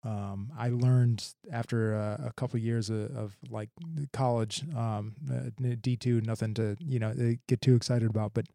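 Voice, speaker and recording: A man interviewing a guest in a casual chat, speaking haltingly, with lots of stops and restarts. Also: mid-range voice, little pitch movement, gravelly, mellow, no room sound, studio quality. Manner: halting, many fillers and restarts.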